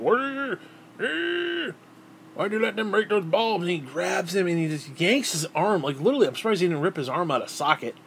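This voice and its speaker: A man's voice: on the high side, a little hiss or hum. Rambling, cursing man in his thirties. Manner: profane, rambling, repeats and restarts words. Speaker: vlogger. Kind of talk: casual storytelling.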